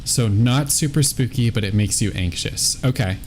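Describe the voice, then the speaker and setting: A man hosts a relaxed gaming stream, his voice sitting on the lower side. He talks hesitantly, filling pauses with ums and restarting sentences. A faint hiss runs under the recording. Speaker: streamer host. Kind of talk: casual gaming stream chat.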